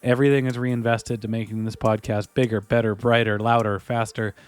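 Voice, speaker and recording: A man's voice: on the low side, flat delivery, fairly quick, clean tone. A man co-hosting a hockey podcast, chatting casually and reading the show's plugs with a joking manner. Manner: joking, reads listener plugs conversationally. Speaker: podcast co-host.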